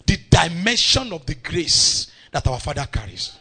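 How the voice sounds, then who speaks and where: A middle-aged man with a Nigerian accent preaching a sermon, animated and often breaking into shouts as he calls out to the congregation. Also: on the high side, moderate pace, few pauses, husky.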